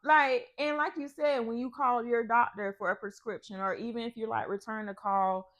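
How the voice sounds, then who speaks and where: A woman co-hosting a podcast, talking in a relaxed, rambling way with fillers. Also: fairly high pitch, moderate pace. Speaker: podcast co-host. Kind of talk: casual chat.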